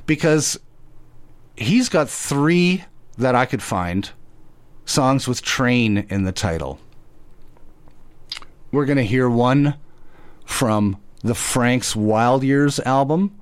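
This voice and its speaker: A man's voice: medium pitch, animated, slow pace, long pauses, clear, resonant tone. A man hosting a radio music show, chatting casually between songs in a rambling, self-correcting way.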